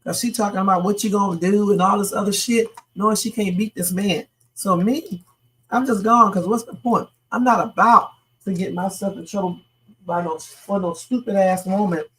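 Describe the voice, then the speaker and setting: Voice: mid-range voice, normal speed, a bit bright. A livestream host giving blunt, profane reaction commentary and talking straight to the viewers.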